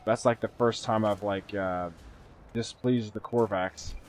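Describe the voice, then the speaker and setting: A man streaming live gameplay, chatty and excitable, thanking viewers and swearing casually as he plays. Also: lowish voice, a little slow, a little hiss or hum.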